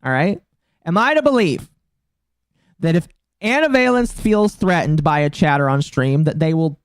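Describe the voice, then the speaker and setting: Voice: mid-range voice, animated, moderate pace, pauses often, clean tone, no room sound. A streamer in their mid-twenties giving casual live-stream commentary, talking bluntly and profanely with a mocking tone that climbs into indignant outbursts. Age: mid-20s.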